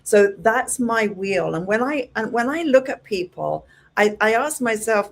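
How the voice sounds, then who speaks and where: A middle-aged woman teaching a hairdressing class, animated and acting out her clients with lively exclamations. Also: on the high side, measured pace, creaky. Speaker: hairdressing educator.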